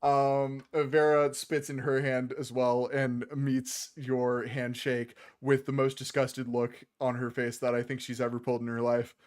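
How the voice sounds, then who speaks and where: A man runs a tabletop game as its game master, describing scenes and calling for dice rolls. He talks in a relaxed, jokey way and reaches for crude humor. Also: mid-range voice, unhurried, few pauses, clean tone. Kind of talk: casual tabletop game narration.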